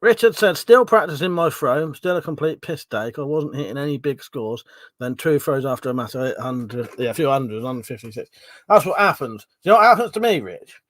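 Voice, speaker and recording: Animated and brisk, a man with a mid-range voice runs a relaxed livestream, recorded dry. He rambles, swears openly, laughs frequently, and calls out viewers by name.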